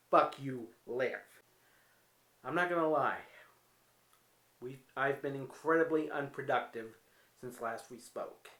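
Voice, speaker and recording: A man's voice: mid-range voice, a bit bright. A man vlogging casually from his apartment, telling stories with wry, candid, self-mocking humor. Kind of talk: casual home vlog storytelling. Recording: roomy echoey room.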